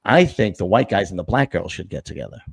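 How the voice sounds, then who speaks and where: A middle-aged male host with a gravelly, fairly low voice that swings lively up and down. He talks bluntly and jokes crudely in a loose, casual chat. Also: fast talker.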